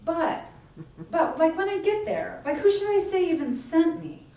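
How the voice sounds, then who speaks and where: A woman's voice: very high-pitched, expressive, moderate pace, warm tone, pitched above the performer's own voice. A woman voicing a reluctant, nervous male shepherd who hesitates and stammers over his words. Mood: hesitant. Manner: hesitant, pleading, stammering restarts. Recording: echoey room, voice heard from a distance.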